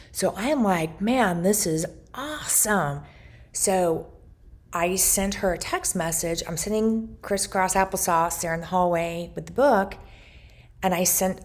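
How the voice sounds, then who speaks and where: Woman vlogger, slow delivery with a gravelly edge, heartfelt testimony. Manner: heartfelt, grows emotional and rising in pitch as she tells it. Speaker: vlogger sharing a faith journal. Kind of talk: personal testimony, storytelling.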